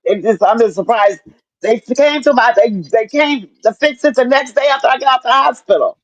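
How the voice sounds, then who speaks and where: A woman's voice: fairly high pitch, moderate pace, dry recording, highs cut off. An older woman and grandmother speaking candidly in a casual chat, often repeating herself and cursing freely. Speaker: stroke survivor sharing her story.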